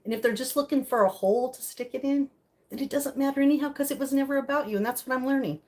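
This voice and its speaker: A middle-aged woman chats on a live stream in a slightly high voice. She reacts to viewer comments as they come in, emotional and laughing easily. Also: fast, darkish tone. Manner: chatty, reacting to chat comments. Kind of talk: casual live-stream chat.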